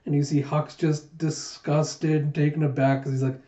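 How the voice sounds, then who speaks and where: A man reviewing a manga in a casual readthrough, animated and laughing as he retells scenes. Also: a little high, moderate pace, few pauses. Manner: animated, lots of laughing asides. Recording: echoey room, dull sound.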